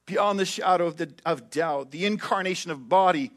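High-voiced male pastor preaching animatedly. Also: moderate pace. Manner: animated preaching with big swings between loud and hushed. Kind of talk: sermon.

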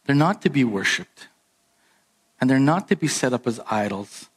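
A man preaching a sermon as pastor, animated and emphatic, jumping up in pitch on his key points. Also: normal speed, slightly rough.

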